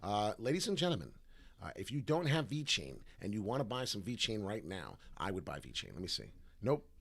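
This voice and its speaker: A man giving casual crypto chart analysis, loose and animated, tossing in "right?" constantly, his voice rough in the morning. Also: on the low side, moderate pace. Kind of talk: casual livestream chart talk.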